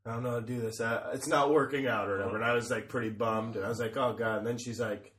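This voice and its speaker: A man on a comedy podcast, telling a loose, rambling story and swearing freely. His voice sounds bright and forward. The room is echoey, and he sits a bit away from the mic. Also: mid-range voice, fairly even intonation, fast, recorded from a distance. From Chicago area. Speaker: comedian guest. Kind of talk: casual podcast chat.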